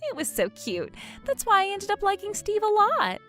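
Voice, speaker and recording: A woman's voice: very high-pitched, huge pitch swings, moderate pace, a bit bright, pitched above the performer's own voice, full character voice. A woman voicing a brazen young mistress who mocks and laughs at the wife she has wronged. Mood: scornful. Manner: laughs at others, sing-song and scornful. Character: brazen mocking young mistress, smug and taunting.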